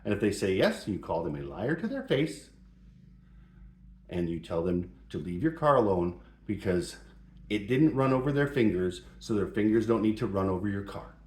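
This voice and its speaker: A man's voice: fairly low pitch, big pitch swings, normal speed, darkish tone. A middle-aged man hosting a joking advice talk, playful and mock-serious, in a home shop. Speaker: host. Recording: roomy echo.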